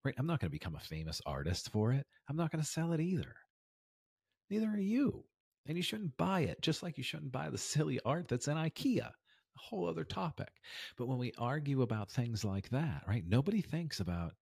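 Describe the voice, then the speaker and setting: Deep husky guy doing his daily inspiration podcast, dry close sound, gets loud then whispery. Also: normal speed, no room sound. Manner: animated, swings between loud emphasis and near whisper. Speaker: podcast host. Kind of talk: casual inspirational monologue.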